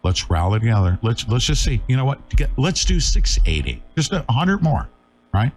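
Middle-aged man hosting a live show, emphatic and urgent, with an animated pitch. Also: normal speed, slight background noise. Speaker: talk show host. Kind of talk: live online talk show.

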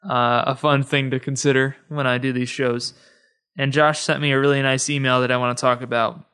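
This solo podcast host has a fairly high-pitched, bright voice with a forceful tone, though his talk to listeners is chatty and easygoing.

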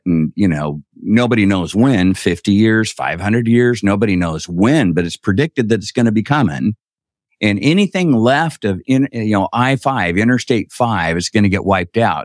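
A middle-aged man telling a story as a podcast guest, acting out quoted dialogue with lively voices. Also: fairly low pitch, normal speed, dry recording, studio quality.

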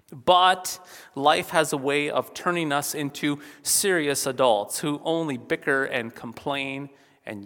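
A pastor reads scripture and preaches in a slightly high male voice. He stresses points by growing louder, then drops back down. His voice carries the long reverb of a church. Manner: emphatic, varies volume for effect. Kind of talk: sermon.

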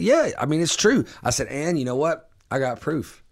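Profane animated male podcast host. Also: on the high side, normal speed, creaky. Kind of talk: casual storytelling.

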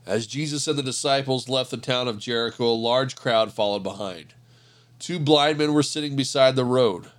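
Man reading scripture in a measured voice. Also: mid-range voice. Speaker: scripture reader.

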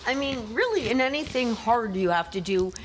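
A woman's voice: a little high, lively intonation, normal speed, a little hiss or hum. A woman guest on a podcast, telling frank stories in casual chat, swearing freely and laughing along. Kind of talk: casual storytelling.

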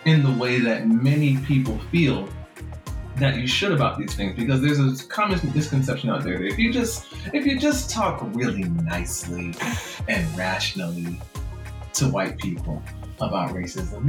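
A man's voice: mid-range voice, lively intonation, moderate pace. A man with a Jamaican accent, a book author talking frankly and reflectively in an interview, often laughing. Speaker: author guest. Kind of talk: interview conversation. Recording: roomy room with faint music.

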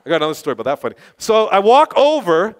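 A man with a high voice preaching to a group, telling testimony stories in a passionate, excitable way. He rambles and restarts, then surges into loud, fired-up bursts. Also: rapid-fire, some chatter behind. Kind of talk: sermon testimony storytelling.

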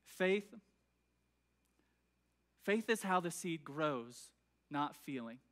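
High-voiced man preaching a casual sermon. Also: expressive, drawn-out words, a bit bright. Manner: conversational, frequent fillers and restarts, asks the congregation to follow along. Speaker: pastor. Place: church sanctuary.

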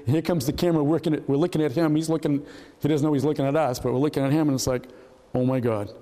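Older new guy spinning stories to a crowd, mellow voice, does all the voices, hall reverb all over it. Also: mid-range voice. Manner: animated, acts out voices of people in his story. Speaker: retired FBI agent telling stories. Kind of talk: anecdotal storytelling to an audience. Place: hall at a historical society talk.

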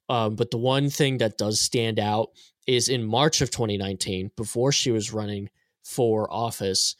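A man's voice: medium pitch, no echo, clean studio sound. A man in a casual political podcast chat, talking bluntly with exasperation. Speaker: podcast panelist.

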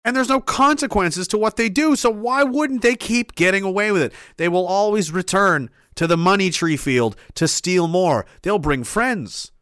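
A man's voice: high voice, animated, moderate pace, hardly any pauses, a bit bright, smooth, no room sound, clean studio sound. A man delivering a heated, profane opinion rant, emphatic and rambling, with restarts and asides.

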